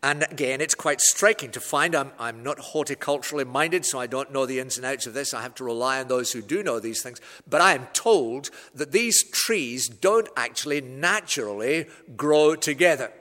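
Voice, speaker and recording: Preacher in an echoey hall. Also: male voice, medium pitch, sharp tone. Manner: measured, explanatory, with wry asides. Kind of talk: expository sermon.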